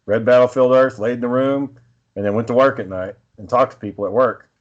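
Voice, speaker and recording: A man's voice: mid-range voice, a little fast, highs cut off. Profane, rambling man telling stories. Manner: profane, rambling, laid-back. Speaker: podcast co-host. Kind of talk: casual storytelling chat.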